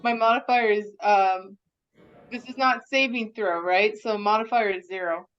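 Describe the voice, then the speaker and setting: A woman's voice: mid-range voice, normal speed, fairly bright tone, highs cut off. A woman player in a tabletop game, casual and a bit hesitant. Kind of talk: casual chat.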